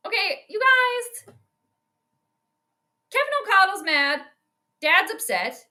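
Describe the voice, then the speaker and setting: A woman giving chatty, excitable live commentary on a game during a stream, reacting loudly to each play. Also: very high-pitched, takes it slowly, pauses often. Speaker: astrologer and sports streamer.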